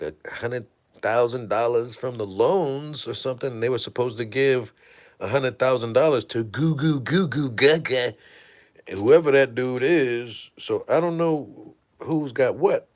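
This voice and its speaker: A man hosting a casual livestream, retelling events in an animated, profane storytelling manner and thanking viewers. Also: mid-range voice. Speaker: host.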